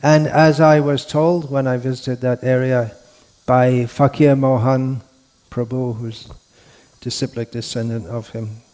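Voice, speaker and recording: A man giving a scriptural lecture in an unhurried, rambling way, with frequent restarts and fillers. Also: medium pitch, fairly even intonation, darkish tone. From India. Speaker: monk lecturer.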